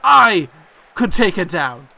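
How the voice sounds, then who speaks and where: A man's voice: sing-song, takes it slowly, gravelly, pushed and bright, dry recording, exaggerated voice. A man voicing a cocky Irish woman wrestler in a mock Irish accent, delivering a defiant video game promo with brash trash talk. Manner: brash trash talk, higher than his own voice.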